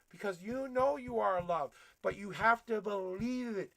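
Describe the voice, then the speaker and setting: A man giving a blunt, profane tarot reading on a livestream, preaching at his viewers and working himself up to yelling. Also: extremely high pitch, a little slow, vocal fry, few pauses. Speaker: tarot reader.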